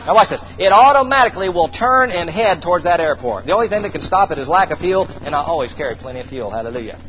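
A man preaching a sermon to a congregation, calling for responses and praising, slowing down to read scripture. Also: fairly high pitch, very animated. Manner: call-and-response, exclamations of praise. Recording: dull distant hall sound, faint noise.

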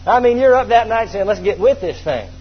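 A man's voice: high voice, expressive, a little fast, slightly rough. A man in his thirties preaching a sermon, emphatic and storytelling, repeating his key phrases for effect. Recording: dull lo-fi recording with faint hum.

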